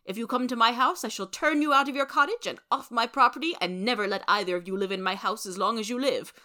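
A woman's voice: a little high, fast talker, pushed and bright, voice pushed up. A woman reading out the letter of a stern, cold elderly uncle in a storybook, firm and formal.

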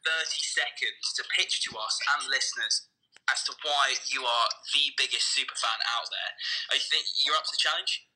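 Man, very bright tone, podcast co-host, halting intros. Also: mid-range voice, low-quality recording. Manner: hesitant, lots of fillers when introducing topics. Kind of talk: casual podcast chat.

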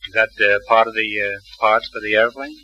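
A man's voice: fairly low pitch, fairly even intonation, fairly quick, sharp tone, dull audio, soft background music. An older man hosting a quiz show, teasing his contestants with wry puns and quips. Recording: hissy 1950s radio broadcast.

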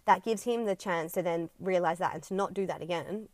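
A woman's voice: fairly low pitch, fairly quick, hardly any pauses, darkish tone, no room sound. A woman talking in a casual, reflective monologue, earnest and rambling, with frequent ums and casual swearing. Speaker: vlogger.

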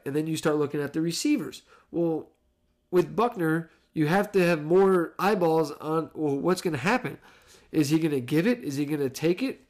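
Animated man rambling about football. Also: on the high side. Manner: rambling, animated, self-correcting. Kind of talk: casual solo sports commentary.

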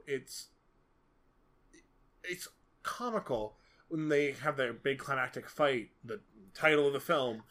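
A man in casual podcast chat who rambles and stays animated. His voice sits at an ordinary middle pitch, and he piles up fillers as he thinks aloud. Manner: animated, rambling, many fillers like "you know". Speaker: podcast co-host. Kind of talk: casual film discussion.

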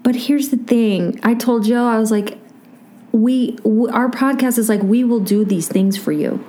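A woman's voice: a little high, a little slow, mellow, slight background noise. Plain-spoken woman podcast co-host. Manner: opinionated, plain-spoken, a little sarcastic. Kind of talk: casual chat.

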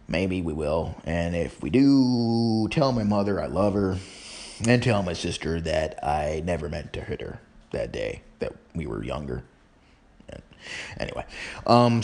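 A man's voice: deep voice, a little mellow, breathy edge. A man hosting his own home-made radio show, talking alone in a rambling, joking way and often correcting himself. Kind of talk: casual solo radio monologue.

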